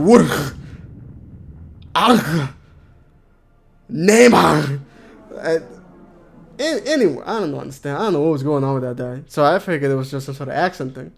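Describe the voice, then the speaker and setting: A man's voice: a little high, darkish tone. A man chatting casually on a game stream, rambling and joking and reading out chat messages. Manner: rambling, jokey, reads chat aloud.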